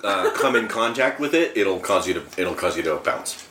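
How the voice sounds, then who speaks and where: A man's voice: low voice, lively intonation, normal speed, sharp tone, slight background noise. A man co-hosting a casual podcast, joking and coaching friends through a video game. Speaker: podcast co-host. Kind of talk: casual chat while playing a video game. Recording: echoey room.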